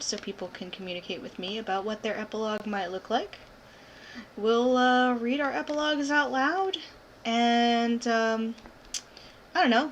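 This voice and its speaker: Woman game master with faint hiss. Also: on the high side. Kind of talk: narrating a tabletop game. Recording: faint background noise.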